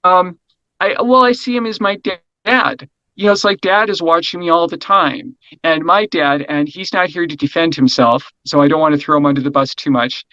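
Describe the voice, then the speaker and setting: A middle-aged man being interviewed, talking energetically in a loose, rambling way and checking in with "right?" as he goes. His voice sits a little high for a man. The sound is dry and a bit dull, as if the recording has lost its brightness. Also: moderate pace, no room sound. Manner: energetic, rambling, repeats words, frequent "right?". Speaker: interview guest. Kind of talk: casual conversational interview.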